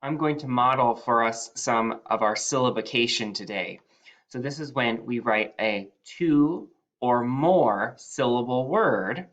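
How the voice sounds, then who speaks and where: Slow, patient male first-grade teacher. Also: medium pitch, fairly bright tone, highs cut off. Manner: sounds out letters and stretches key words upward. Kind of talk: slow, patient phonics lesson.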